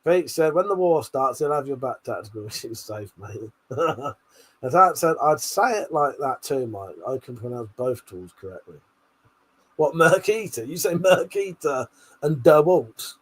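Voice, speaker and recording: A British man on a live stream banters with his chat, reading comments aloud, laughing and cursing a fair bit while a little tipsy. His mid-range voice swings widely in pitch, is breathy at the edge, and unhurried.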